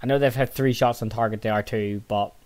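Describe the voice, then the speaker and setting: A tired, yawning man commentating casually on his own football management game, muttering low between excitable outbursts. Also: fairly quick. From Northern Ireland. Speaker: gaming channel host.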